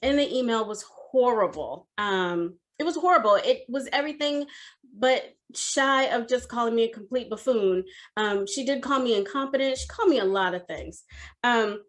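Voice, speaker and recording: A woman in her forties with a somewhat high voice tells a personal story as a coach. She talks in an expressive, animated way, with frequent fillers. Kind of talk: storytelling talk at an online summit.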